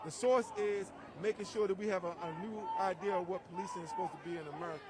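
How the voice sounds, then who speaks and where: A man reporting live from a street protest, earnest and speechlike, with filler pauses. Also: high-pitched, fairly even intonation. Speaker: livestream reporter. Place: outdoor city street protest. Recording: live outdoor stream amid a crowd. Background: crowd.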